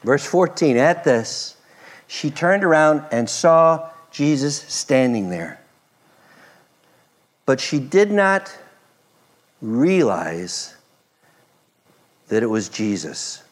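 A man preaching a sermon, expressive, moving between loud emphasis and soft, hushed passages. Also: medium pitch, very slow, pauses often. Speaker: pastor.

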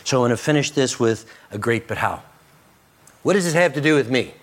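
Middle-aged male pastor preaching earnestly, leaning soft and slow on key lines. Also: medium pitch, animated. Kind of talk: sermon.

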